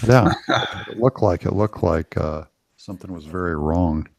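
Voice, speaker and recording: A man's voice: deep voice, normal speed, vocal fry, darkish tone, no room sound. Brief: male guest artist, rambling and cocky. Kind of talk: casual livestream chat.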